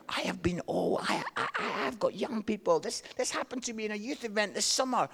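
A man, preaching a sermon with animated storytelling and self-deprecating humor. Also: sits high, fairly quick, few pauses, breathy edge. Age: 50s.

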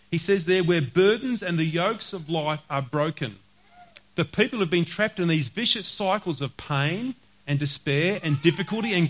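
A man preaching a sermon, earnest, slowing to read scripture and repeating key phrases. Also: on the high side, fairly bright tone, low-quality recording. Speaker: pastor.

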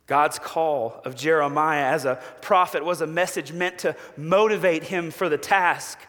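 A man preaching a sermon as a pastor, measured and slow with long pauses, falling to a hushed voice for quoted promises. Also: fairly high pitch. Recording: long hall reverb.

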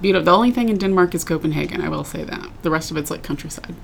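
A young adult woman co-hosting a podcast in casual chat, full of fillers and quick to laugh. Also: deep voice, gravelly, slight background noise. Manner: chatty, filler-heavy, laughs easily. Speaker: podcast co-host.

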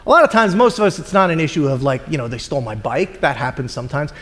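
A man's voice: on the high side, big pitch swings, fast, fairly bright tone, in a large hall. A man preaching a sermon in a conversational way, acting out the voices of people in the story. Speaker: pastor.

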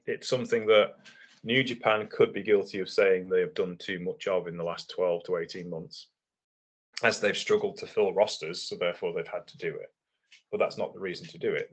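A man with a deep, low voice and a husky, slightly rough tone, chatting on a podcast. He sounds relaxed and analytical, talks things through at length and laughs easily. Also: a little fast. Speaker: wrestling podcast co-host. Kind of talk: casual podcast chat.

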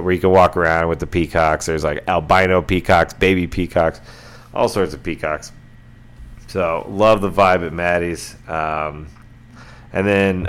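A man's voice: deep voice, clean tone. A middle-aged man hosting a casual solo podcast, rambling along with lots of fillers and restarts. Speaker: podcast host.

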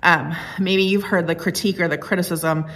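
Woman, pastor, low-pitched voice, conversational sermon, earnest, reflective storytelling. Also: fairly even intonation, a little fast, a bit bright.

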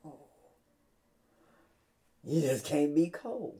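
A woman preaching a sermon, swinging from loud cries to hushed whispers. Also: a bass voice, very animated, slow, long pauses, slight background noise.

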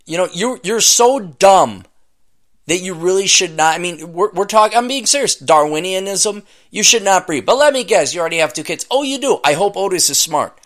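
A male podcast host in a comedic rant, scornful and foul-mouthed. His pitch swings widely as he jumps from low grumbling to loud outbursts. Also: lively intonation, normal speed. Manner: profane, scornful, bursts into shouting. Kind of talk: comedic rant reacting to a read-aloud article.

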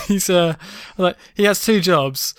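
A man's voice: high voice, clear, resonant tone, no room sound, clean studio sound. A man hosting a tabletop game podcast as game master, joking and laughing in loose casual chat. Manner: laughing, joking, rapid banter.

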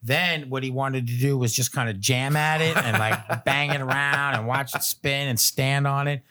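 A man in his thirties, a podcast guest, telling a long personal story in a loose, animated way, full of fillers and little chuckles. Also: mid-range voice, normal speed. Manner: loose filler-heavy phrasing. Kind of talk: casual storytelling chat.

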